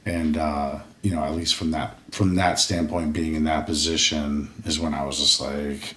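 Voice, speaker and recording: A man's voice: rumbling low, level tone, normal speed, hardly any pauses, sharp tone. A man guest on a podcast, telling a rambling, profane story with many restarts in a casual interview. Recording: roomy echo, distant mic.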